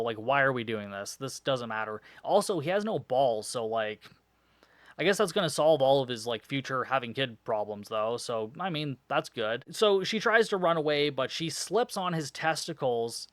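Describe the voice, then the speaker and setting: Sarcastic, foul-mouthed podcast host. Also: male voice, medium pitch, a bit bright, no echo. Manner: sarcastic, rambling, swears often, laughs at the film. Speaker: podcast host reviewing a film. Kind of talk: casual profane plot recap.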